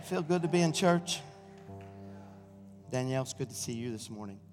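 A middle-aged senior pastor, preaching an exuberant sermon and shouting praise in a church sanctuary. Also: male voice, medium pitch, animated, moderate pace, music in the background. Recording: reverberant church hall.

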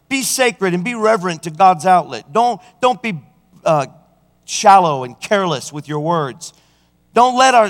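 A man preaching a sermon as senior pastor, fervent and building in force, recorded in a church sanctuary. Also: sits high. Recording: church hall reverb.

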